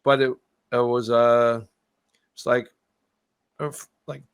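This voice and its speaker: Male guest, mid-pitched, rambling storyteller, dry video-call audio. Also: level tone, slow, clean tone, no echo. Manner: rambling, trailing off and restarting. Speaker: guest musician. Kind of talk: casual interview storytelling.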